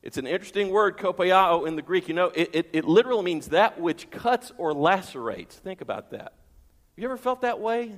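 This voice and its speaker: High-voiced man preaching with hall echo. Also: lively intonation, fairly quick. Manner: emphatic, rhetorical questions and repetition. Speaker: pastor. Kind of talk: sermon.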